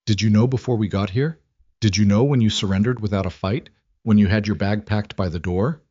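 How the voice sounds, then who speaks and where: Man doing a clipped SEAL team leader, low voice, dry close sound. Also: brisk, dark tone, slightly rough, dry recording, highs cut off. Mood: tense. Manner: clipped, terse. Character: tense male SEAL team leader under fire.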